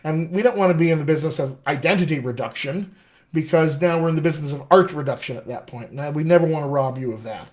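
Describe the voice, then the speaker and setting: A man's voice: a little high, fast. A man working as a dialect coach, answering viewer questions in a casual live session, upbeat and encouraging. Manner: upbeat, encouraging, chatty with restarts. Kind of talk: live-streamed Q&A, casual teaching.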